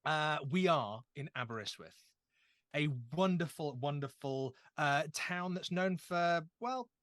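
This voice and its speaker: A man's voice: a little high, expressive, unhurried, fairly bright tone, dry recording. A young man running a tabletop horror game as game master, chatty and self-deprecating as he sets the scene. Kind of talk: actual-play game narration.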